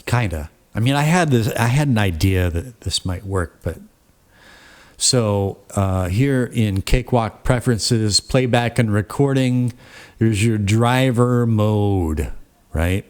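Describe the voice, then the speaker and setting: A man with a fairly low voice talks slowly through a casual software tutorial from his home computer setup. He rambles, trails off with fillers and corrects himself as he clicks through settings. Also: expressive. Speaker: tutorial host.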